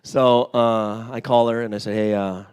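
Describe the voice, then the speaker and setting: A man in his forties giving a sermon in a church, telling a personal story with lively acted-out dialogue and frequent "right?". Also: fairly low pitch, normal speed, clear, resonant tone. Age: 40s. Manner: animated storytelling, acts out dialogue, often asks "right?". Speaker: pastor.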